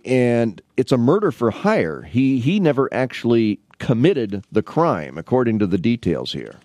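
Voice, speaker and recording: A man's voice: a little high, darkish tone, dry recording. A man filling in as host on a local radio talk show, chatting casually with rambling restarts and wry asides from a studio mic.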